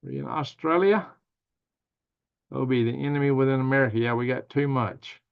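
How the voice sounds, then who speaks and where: A man's voice: mid-range voice, brisk, creaky, clean tone, phone-quality sound. A man hosting a casual livestream, reading viewer comments aloud and answering them in a rambling, thinking-aloud way. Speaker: livestream news host.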